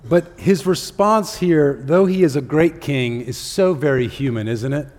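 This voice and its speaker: A man preaching a sermon as pastor, with earnest, conversational delivery, pauses and fillers, and a soft, prayerful tone in prayer. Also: on the high side. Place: church sanctuary. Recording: long hall reverb.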